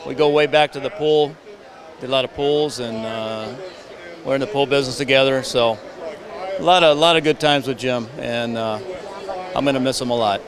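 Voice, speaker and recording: A man recalling a late friend and their good times in a halting way with many uhs. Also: medium pitch. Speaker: party guest sharing memories. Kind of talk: casual spoken tribute. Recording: busy crowd noise behind.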